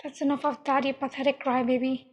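A woman voicing a cold, teasing young female killer who speaks in a slow, mocking, menacing way. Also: high voice, level tone, breathy edge. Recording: dull, long echoing reverb.

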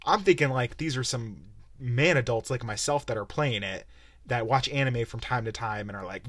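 A man's voice: medium pitch, expressive, moderate pace, sharp tone, no room sound. Young male podcast host, swearing rant, exasperated, rambling, dry close mic. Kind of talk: casual game-review rant.

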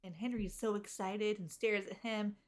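A woman co-hosting a casual TV recap podcast, talking in a tired, wry way with quick asides and frequent laughs. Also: medium pitch, fairly even intonation. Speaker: podcast co-host recapping a TV episode. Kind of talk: casual chat.

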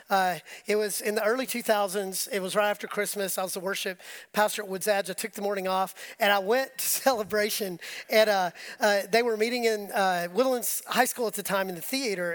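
Laughing storytelling pastor with twang. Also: male voice, high-pitched, a bit bright. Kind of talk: sermon.

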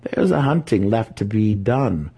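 A man voicing an evil male dark elf wizard who taunts and barks commands. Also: fairly low pitch, animated, measured pace, breathy edge, heavily acted. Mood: taunting.

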